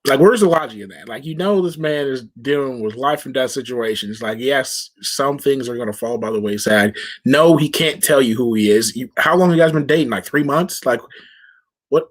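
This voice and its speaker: A man co-hosting a casual chat show, retelling episodes with lots of slang and quick quoted asides. His voice sits at an ordinary middle pitch, and he keeps the talk loose and lively. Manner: animated, slangy, laughs often, acts out characters' lines. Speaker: podcast co-host.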